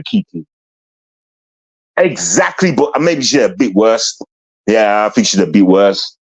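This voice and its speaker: A man ranting bluntly and confrontationally into the camera, repeating himself for emphasis. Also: on the high side. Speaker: vlogger. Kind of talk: ranting commentary.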